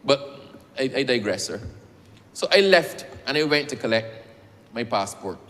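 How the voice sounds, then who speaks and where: A man's voice: mid-range voice, big pitch swings, moderate pace, fairly bright tone. A man speaking in parliament, telling a personal story while presenting a bill and repeatedly addressing the chair as sir. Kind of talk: parliamentary speech with personal anecdote. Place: parliament chamber. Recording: reverberant debating chamber.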